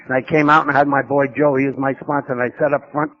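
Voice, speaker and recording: A man's voice: mid-range voice, little pitch movement, quick pace, lo-fi sound. A man from New York, telling his recovery story at a conference in a humorous, self-mocking way with vivid repetition.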